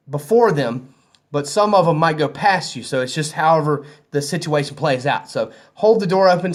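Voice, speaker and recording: A man from the American South with a Southern accent, telling a rambling, easygoing story to camera in a hotel room. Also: on the high side. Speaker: vlogger.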